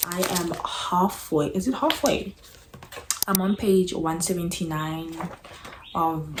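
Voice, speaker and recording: A young woman chatting casually to camera about a book, gushing and filling her talk with likes and ums. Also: on the low side. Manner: gushing, chatty, lots of fillers. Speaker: booktuber. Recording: echoey room with background noise.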